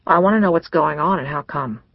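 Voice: medium pitch, fairly quick, gravelly, no echo, highs cut off. A narrator voicing an intense man who presses his lover to open up, in an audiobook, speaking insistently. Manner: insistent, then gentle. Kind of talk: audiobook character dialogue.

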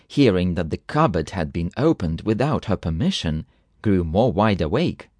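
A man reading a classic short story aloud as audiobook narrator, expressive and unhurried. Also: sits low, dry recording, studio quality. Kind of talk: scripted narration.

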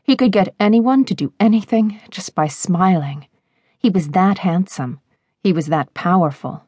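A woman narrating a romance audiobook in a measured, expressive reading on a close studio mic. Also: on the low side, husky, no echo.

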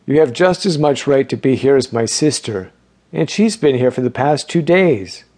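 A man doing a gruff, shaken hospital patient. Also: mid-range voice, animated, moderate pace, darkish tone. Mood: indignant. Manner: gruff and blunt, curses freely.

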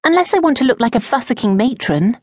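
A woman's voice: mid-range voice, expressive, moderate pace, a little mellow, dry recording, clean studio sound, pitched above the performer's own voice, natural voice. A woman narrating an audiobook, voicing a poised young noblewoman who answers her father with composed asperity. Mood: tart. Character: poised young noblewoman, a debutante and patient daughter. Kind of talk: audiobook character voice.

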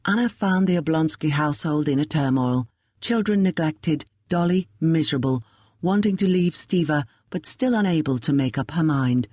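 A woman narrating a classic novel as an audiobook, reading in a measured, even way. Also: deep voice, slightly rough, no echo, studio quality.

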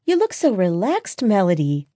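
Female narrator doing a high, giggly best friend, gushing with excitement, dry studio sound. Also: a little slow, dry recording. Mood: excited. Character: bubbly excited young woman best friend.

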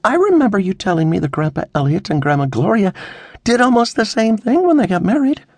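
Nervous young daughter, pleading and earnest, pitched well up, as a male narrator puts her on. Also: lively intonation, brisk, creaky, a little mellow, no echo, exaggerated voice.

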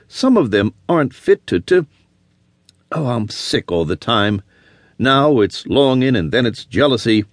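A man's voice: medium pitch, no echo, studio quality, lightly acted. A man playing a reckless, lovesick young frontier drifter who speaks bitterly and with passion. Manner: bitter and impassioned.

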